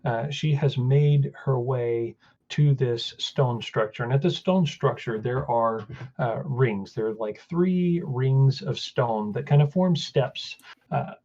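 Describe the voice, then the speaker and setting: A man narrating a tabletop game as game master, halting, with many fillers and restarts. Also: mid-range voice, darkish tone, lo-fi sound.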